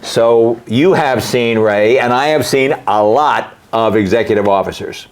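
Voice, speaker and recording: A man's voice: medium pitch, measured pace, clear, resonant tone. An older man, a boxing promoter, talking in a casual interview and stressing points by repeating words.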